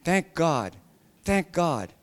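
A man's voice: on the high side, big pitch swings, drawn-out words. A male pastor preaching a sermon with emphatic repeats and joking asides.

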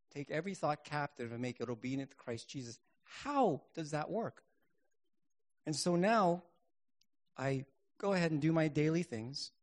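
A middle-aged man preaching a sermon and telling his own testimony, earnest, rising to emphatic bursts and then dropping quiet. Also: on the high side.

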